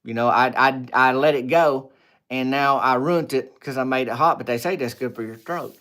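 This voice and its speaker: A man hosting a casual livestream, rambling and joking with viewers, swinging between loud greetings and low asides. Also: moderate pace. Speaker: livestream host. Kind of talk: casual live chat with viewers.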